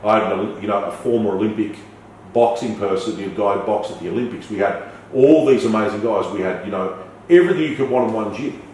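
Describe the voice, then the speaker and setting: A man's voice: on the low side, a little fast. A middle-aged man, a podcast guest, telling stories animatedly, swearing and acting out dialogue. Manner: animated storyteller who swears and acts out dialogue. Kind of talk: casual storytelling interview. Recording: echoey room, from far off, faint noise.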